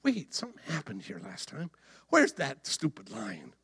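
A man's voice: a little high, huge pitch swings, moderate pace, a bit bright, husky, exaggerated voice. A preacher doing a giddy, lip-smacking young strongman. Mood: amazed.

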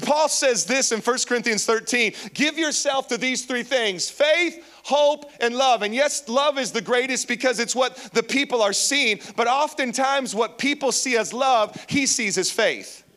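A male pastor preaching a sermon to a live congregation, telling a personal story with lively energy and calling out to the listeners. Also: very high voice, moderate pace, few pauses. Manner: animated storytelling, calls out to the congregation. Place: church, before a live congregation.

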